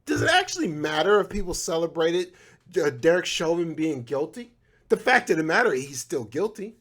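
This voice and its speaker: A man's voice: on the high side, big pitch swings, a little fast, a bit bright. A man in his thirties hosting his own podcast, talking casually with laughing asides and frequent restarts. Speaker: podcast host. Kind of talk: casual solo commentary.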